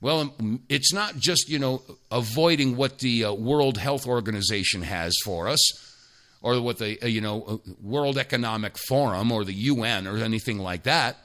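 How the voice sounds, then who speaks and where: A man's voice: mid-range voice, moderate pace, fairly bright tone. A man hosting a talk radio show, emphatic and sarcastic, rambling with many restarts.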